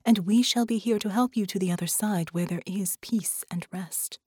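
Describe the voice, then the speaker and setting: A woman voicing a gentle, steady heroine who speaks softly, almost in a whisper. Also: medium pitch, normal speed, husky, dry recording, studio quality, lightly acted. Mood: tender.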